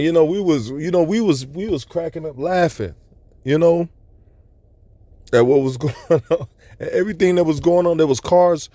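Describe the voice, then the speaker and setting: A man's voice: fairly high pitch, dark tone, dry recording. A man telling a religious testimony about a vision in a loose, rambling, earnest way, with many asides. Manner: loose, rambling storytelling full of "you know" asides. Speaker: person sharing a religious testimony. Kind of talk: personal testimony recounting a vision.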